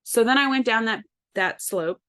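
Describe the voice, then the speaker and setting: A woman's voice: a little high, normal speed, smooth. Candid woman telling a personal story. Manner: candid, animated, addresses listeners as y'all. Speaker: podcast host.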